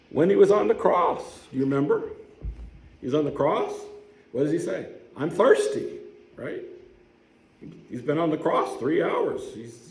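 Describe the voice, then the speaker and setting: A man's voice: medium pitch, darkish tone, reverberant, rough recording. A man preaching a sermon as a pastor, telling the story in a conversational way and putting questions to the congregation. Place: church sanctuary.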